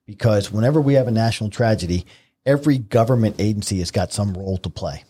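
A middle-aged man from New York, a podcast guest, telling stories in a vivid, animated way. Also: lowish voice, fast, husky. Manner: vivid, animated retelling with acted-out quotes. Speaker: guest, retired Marine helicopter pilot. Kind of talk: conversational storytelling.

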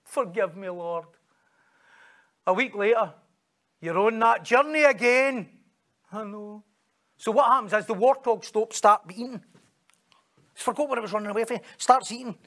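A man's voice: extremely high pitch, normal speed, long pauses, fairly bright tone. A man with a Scottish accent preaching a sermon, telling stories, joking and acting out the voices of the people he quotes.

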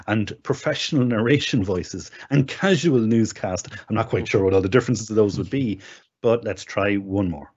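Husky-voiced man giving a tech demo. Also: fairly low pitch, moderate pace, a little mellow. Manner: chatty, self-deprecating, explains step by step. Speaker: guest demonstrating software. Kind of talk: casual spoken tech demo. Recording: dull lo-fi remote recording.

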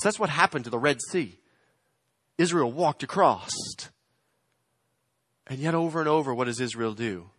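A man preaching a sermon, swinging between loud emphatic lines and quiet, slowed phrases. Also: on the high side, dry recording, clean studio sound. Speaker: pastor.

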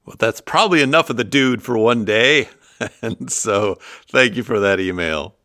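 A man with a Midwestern American accent hosting a finance podcast, explaining things in a measured way with dry humor. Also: mid-range voice, sharp tone, no room sound. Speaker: podcast host.

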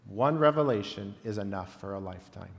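A man preaching a reflective sermon, pausing often and letting his phrase endings fall soft. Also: fairly low pitch, lively intonation, gravelly. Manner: reflective, with long pauses and softly dropped phrase ends. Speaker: pastor. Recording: long reverb of a large hall.

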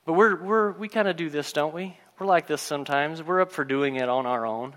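A man preaching a sermon, retelling a story and acting out its characters' lines in a lively storytelling manner. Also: medium pitch, normal speed, long reverb tail. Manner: storytelling, acts out voices of the characters.

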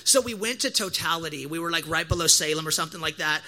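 A young man gives a casual sermon in a high, brightly ringing voice. He talks in slangy, animated bursts and acts out lively quoted asides as he tells his stories. Sometimes he slows down to make a point. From Oregon, USA. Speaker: pastor.

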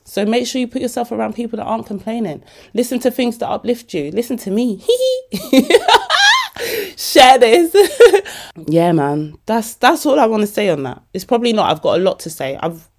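A woman hosting a podcast, giving casual motivational talk in an animated, chatty way, laughing often. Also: mid-range voice, fairly quick. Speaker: podcast host.

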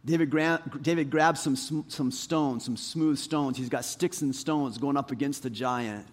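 With a medium pitch and measured pace, a male pastor preaches, first reading scripture and then retelling it with animated storytelling. He alternates between loud and soft.

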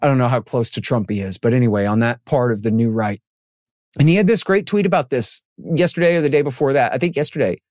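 A man as an interview guest, talking in an animated, emphatic way and acting out the people he quotes. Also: mid-range voice, fast talker, no room sound, clean studio sound. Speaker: podcast guest, antiwar writer. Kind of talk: casual interview talk.

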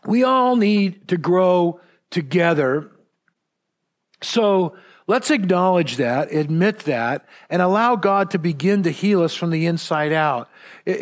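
Man, pastor, from Southern California, sermon, high voice, earnest, repeats words. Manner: earnest, repeats words when stressing a point.

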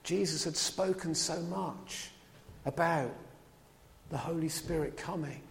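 Here the preacher is slow and creaky, his voice still slightly higher than typical for a man. He keeps the sermon lively and conversational with asides to the congregation, while the church hall adds a long, lingering reverb.

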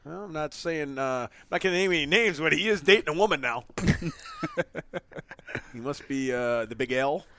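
A man's voice: on the high side, expressive, normal speed, pauses often, sharp tone, a little hiss or hum. A man chatting casually as a podcast co-host, rambling and swearing freely. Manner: rambling, profane. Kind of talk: casual chat.

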